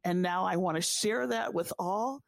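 Earnest woman with a gravelly low voice. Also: normal speed, no echo. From Haitian family. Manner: earnest, heartfelt, repeats phrases for emphasis. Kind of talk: reflective faith conversation.

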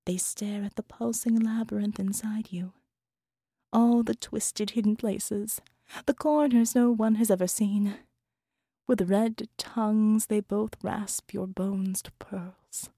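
A woman voiceover artist reading dark fiction as narrator, slow and hushed, often sinking to a whisper. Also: medium pitch, no echo, studio quality.

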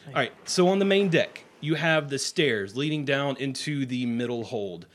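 A man's voice: medium pitch, expressive, normal speed. A man running a tabletop game as game master, explaining the scene plainly with side jokes.

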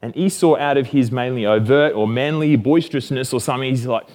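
A man's voice: mid-range voice, fairly quick, few pauses, a little mellow. A man with an Australian accent giving a casual, jokey Bible lesson, often correcting himself. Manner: chatty and jokey, self-correcting.

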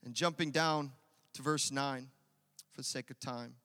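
A man preaching an impassioned sermon as pastor in a church, loud and rousing, leading his congregation in call-and-response. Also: mid-range voice, fairly even intonation, unhurried, clear, resonant tone, in a large hall. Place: church sanctuary.

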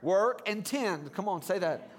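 A man's voice: sits high, measured pace. A male pastor preaching a sermon. He calls on the congregation to repeat words back and mixes in casual, jokey asides. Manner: energetic call-and-response preaching, urging the congregation to repeat words.

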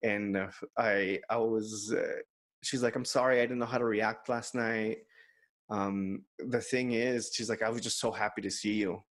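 A man's voice: fairly low pitch, steady tone, moderate pace. A man co-hosting a podcast, candidly telling a personal story in casual chat and quoting others in his own voice. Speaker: podcast co-host.

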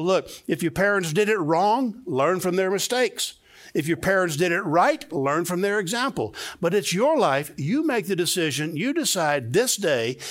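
A middle-aged man preaching a sermon to his congregation in a conversational way, often repeating key phrases and having the listeners say them back. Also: fairly high pitch. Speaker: pastor. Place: church sanctuary.

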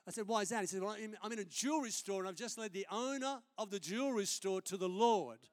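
High-voiced pastor preaching. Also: male voice, fast talker. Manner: conversational storytelling preaching. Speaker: senior pastor. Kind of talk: sermon. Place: church service.

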